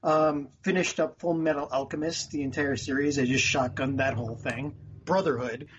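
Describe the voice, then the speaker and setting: A man co-hosting a podcast who throws in quick deadpan quips. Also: a little high, a little hiss or hum. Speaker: podcast co-host. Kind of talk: casual chat. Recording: dull, lo-fi mic.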